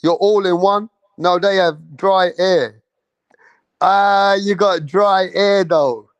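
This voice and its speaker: A man's voice: sits high, steady tone, slow pace, clear, resonant tone, no room sound, dull audio. A man chatting loosely on a livestream, rambling and swearing as he reads viewer comments. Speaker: livestream host. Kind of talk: casual livestream chat reading viewer comments.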